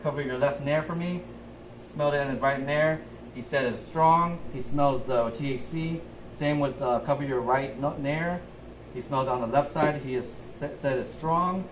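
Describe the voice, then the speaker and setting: A man's voice: medium pitch, normal speed. A young adult man, a nurse, talking through a physical assessment step by step in a methodical way. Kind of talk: narrated skills demonstration. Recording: echoey room, faint background noise.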